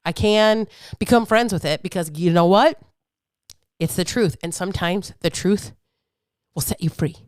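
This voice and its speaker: A woman's voice: on the low side, normal speed, pauses often, darkish tone, smooth, no room sound. Woman, thirties, podcast host, blunt, profane, fired-up, dry close recording. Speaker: fitness coach and podcast host. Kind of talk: unfiltered podcast rant.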